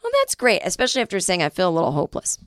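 A woman's voice: lowish voice, racing, no room sound, studio quality. A woman hosting a podcast in a casual monologue, joking and swearing, a little short of breath. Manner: profane, joking, animated. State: trouble breathing. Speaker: podcast host.

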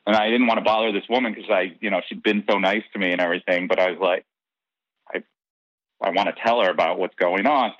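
A man being interviewed tells a lively anecdote from his own life at a quick pace, voicing the dialogue and laughing along. The recording is dry, dull, slightly lo-fi, with no echo, and his voice sits fairly low.

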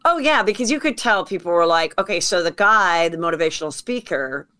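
A woman comedian telling stories as a podcast guest, chatty and quick to act out what people said. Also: on the low side, lively intonation, sharp tone. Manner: chatty storyteller acting out quotes. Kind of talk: casual podcast chat.

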